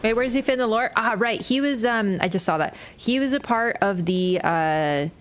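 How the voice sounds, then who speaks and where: A woman's voice: fairly high pitch, expressive, normal speed, a little hiss or hum. A woman streaming a game live, chatting casually, swearing freely and often bursting into laughter. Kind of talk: casual live-stream commentary while playing.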